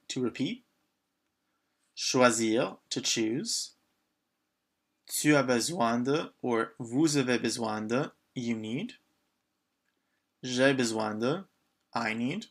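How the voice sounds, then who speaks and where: A man teaching a beginner language lesson, patient and encouraging, with lots of short prompts and repetition. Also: mid-range voice. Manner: patient, encouraging, switches between English and French phrases. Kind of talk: scripted lesson narration.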